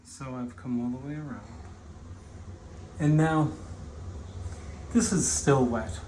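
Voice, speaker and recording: A man's voice: mid-range voice, a little hiss or hum. A middle-aged man who hangs wallpaper, telling chatty stories in a casual way while he works. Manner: slow, animated, chatty anecdotes. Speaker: wallpaper hanger. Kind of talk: casual storytelling while working.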